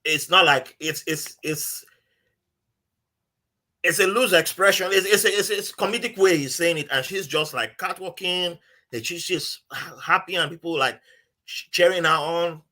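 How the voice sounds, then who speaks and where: A man's voice: on the high side, normal speed. A man with a Nigerian accent, a podcast guest telling a story in casual chat and acting out the voices he quotes. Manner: animated storyteller who acts out quoted voices.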